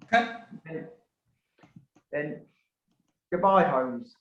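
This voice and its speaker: A woman's voice: low-pitched, animated, very slow, slight background noise, full character voice. A woman playing a meek, devoted male sidekick in a live comedy sketch, talking hesitantly and eager to please. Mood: hurt. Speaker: sketch performer. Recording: echoey lo-fi live recording.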